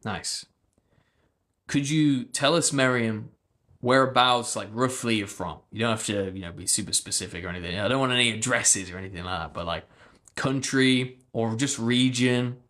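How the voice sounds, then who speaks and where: A man's voice: medium pitch, normal speed, a bit bright. A man, a speech coach, chatting casually on a livestream and answering viewers. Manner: chatty, loose, fillers, answers viewer comments.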